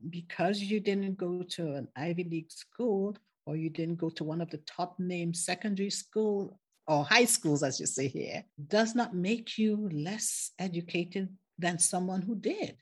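Older Caribbean-raised woman guest, reflective and easygoing, lowish pitch. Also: unhurried. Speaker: podcast guest. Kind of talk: conversational interview.

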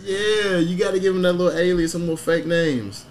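A man's voice: high voice, fairly even intonation, moderate pace. A man hosting a podcast in casual chat, trading jokes and loose banter. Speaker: podcast host.

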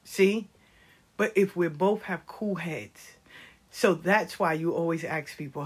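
A middle-aged woman sharing life lessons in a passionate, animated monologue, dropping into whispered asides. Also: fairly low pitch, slow, breathy edge. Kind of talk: conversational monologue.

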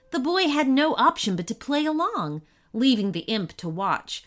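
A woman reading a children's story aloud with expressive, animated narration. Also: high voice, normal speed.

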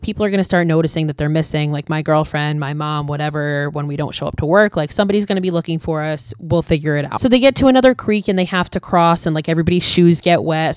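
A woman casually retelling a film's plot with frequent swearing and filler words, speeding up in animated bursts. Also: deep voice, clean tone, dry recording, clean studio sound. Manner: animated, quick bursts, lots of "like". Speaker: film recap storyteller.

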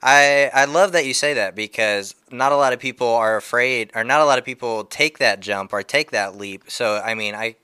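A man co-hosts a casual interview with a bright, crisp voice. He sounds upbeat and encouraging. The sound is dry and close. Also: mid-range voice, moderate pace, hardly any pauses, no room sound. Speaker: podcast co-host.

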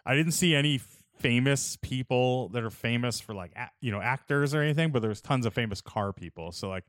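A young man chats casually and tells stories in a loose, laid-back way. His voice is smooth and clear, at a middle pitch, recorded close and dry with no room sound. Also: expressive, a little fast, a bit bright, no room sound. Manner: laid-back storytelling, lots of "like" and "dude". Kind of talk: casual chat.

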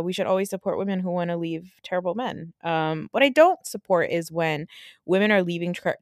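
A woman's voice: fairly low pitch, dry recording, studio quality. A woman with the flu ranting in a blunt, sarcastic way on a casual podcast, talking from her bed. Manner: ranty, blunt and sarcastic, swears freely. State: sick with the flu. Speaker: podcast host. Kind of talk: casual reality TV recap. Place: in bed at home.

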